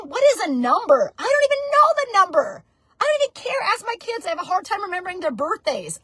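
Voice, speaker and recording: A woman's voice: high-pitched, sharp tone, no echo. A woman in her forties giving a fervent, preachy motivational talk about network marketing. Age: 40s. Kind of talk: motivational monologue.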